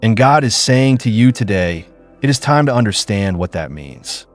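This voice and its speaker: A man with a lowish voice preaches a scripted devotional message in a slow, solemn, declarative cadence. Soft music plays faintly beneath him. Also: big pitch swings.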